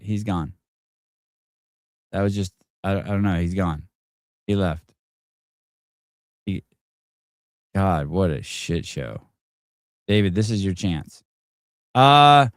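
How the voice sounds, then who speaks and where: A man with a fairly low voice hosts a casual live stream. He rambles, jokes and swears freely. The sound is dry and close to the mic. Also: animated, slow pace, pauses often, clear, resonant tone, no room sound. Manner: rambling, profane, joking. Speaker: podcast host.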